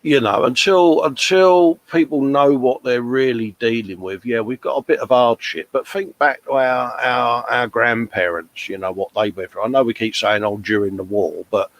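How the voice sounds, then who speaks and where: A man's voice: mid-range voice, moderate pace, few pauses. A British man chatting easily on a livestream, his voice sitting in a middle register. He reads out viewers' comments and answers them in a friendly, rambling way, with plenty of "mate" and "innit". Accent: British English. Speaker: livestream host. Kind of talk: casual livestream chat.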